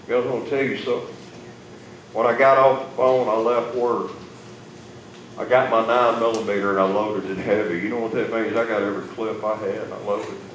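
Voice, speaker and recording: Folksy man testifying in an echoey hall. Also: lowish voice. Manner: emotional, folksy storytelling with swings of loudness. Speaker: testimony speaker. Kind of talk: spoken testimony to an audience. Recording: echoey room, far mic, noisy.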